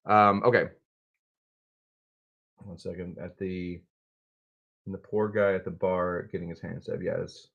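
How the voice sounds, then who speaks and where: A man's voice: sits low, level tone, a little slow, creaky, long pauses, fairly bright tone, dull audio. A man hosting a live cocktail stream, chatting casually and rambling between topics while reading out viewer comments. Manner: rambling, jokey, reads out chat comments. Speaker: live cocktail show host.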